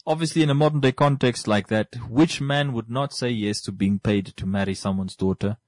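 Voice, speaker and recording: A man's voice: medium pitch, brisk, darkish tone, no echo. A man hosting a podcast, talking casually about books in a rambling way, often restarting and repeating words. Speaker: podcast host.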